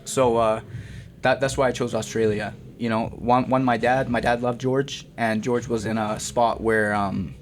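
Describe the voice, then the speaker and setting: A young man tells his story in a slangy, animated way, as a boxer being interviewed. His voice sits in an ordinary middle pitch. A faint hum of noise runs underneath. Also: normal speed. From Canada. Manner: slangy and animated, says "bro" often.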